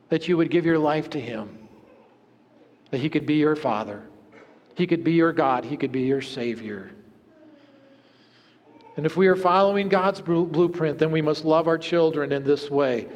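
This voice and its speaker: A male pastor with a notably high voice delivers an earnest sermon. He tells stories and lets his voice sink to hushed tones for effect. The sound rings with the long reverb of a church. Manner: earnest, storytelling with hushed low moments. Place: church sanctuary.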